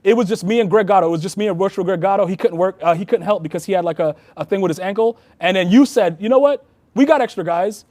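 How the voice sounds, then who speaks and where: A man's voice: sits high, rapid-fire, hardly any pauses, a little mellow, no echo. A man, a Freemason and past master, earnestly telling heartfelt stories in a casual conversation.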